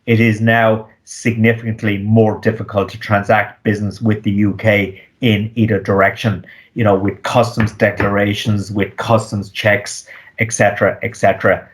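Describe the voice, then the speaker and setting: A man, an economist, giving measured interview answers with frequent ums and restarts. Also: fairly low pitch, flat delivery. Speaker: economist guest.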